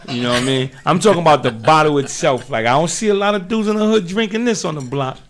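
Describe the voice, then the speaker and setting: A man's voice: fairly high pitch, fast talker. Laid-back man hosting a chat. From Brooklyn, New York. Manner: loose, laughing, slangy banter. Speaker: podcast host. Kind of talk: casual chat.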